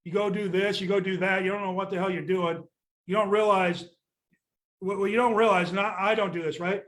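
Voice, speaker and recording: A man's voice: high-pitched, steady tone, brisk, a bit bright. An older man, a real estate sales coach ranting bluntly and with exasperation, swearing casually in a podcast chat. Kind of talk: candid podcast rant.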